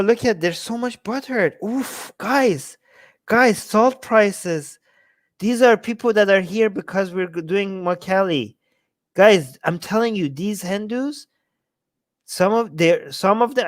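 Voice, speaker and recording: A man's voice: sits high, measured pace, dry recording. A man hosting a livestream, commenting on the chat in a sarcastic, mocking way. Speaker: livestream host.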